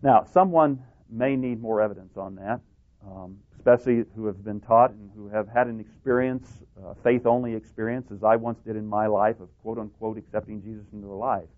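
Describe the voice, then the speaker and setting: A man's voice: lowish voice, steady tone, a little fast. Emphatic male preacher on tinny tape. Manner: emphatic, building to stressed pleas. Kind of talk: sermon. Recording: tinny phone-like tape recording.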